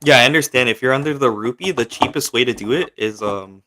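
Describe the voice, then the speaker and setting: With noise in the background, a young male host chats casually on his livestream, reading viewer questions aloud and rambling through answers full of fillers. He talks fast at a medium pitch.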